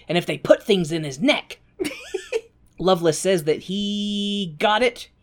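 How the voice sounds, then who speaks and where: A woman's voice: fairly low pitch, creaky, breathy edge. A woman co-hosting a podcast, giving a casual, joking movie recap with playful swearing. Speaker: podcast co-host.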